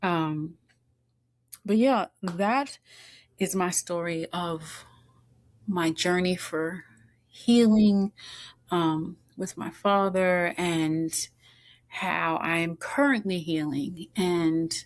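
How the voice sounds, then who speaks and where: Soft-spoken, slow-talking woman. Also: on the low side, steady tone. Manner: earnest, halting, emotional, with many restarts. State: tearful, choked up at times. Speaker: podcast guest. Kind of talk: personal storytelling interview.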